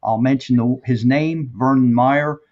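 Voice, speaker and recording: A man's voice: medium pitch, fairly even intonation, a little slow. Reflective man on dull lo-fi audio. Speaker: interview host. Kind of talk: casual interview talk.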